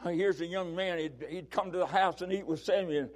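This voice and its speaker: An older man preaches a sermon in a high voice. He tells a personal story and then reads scripture with fervent, shouted praise. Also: a little fast. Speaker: pastor.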